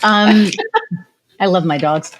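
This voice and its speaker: Slow-speaking woman podcast host. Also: fairly low pitch, a little hiss or hum. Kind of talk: casual interview chat.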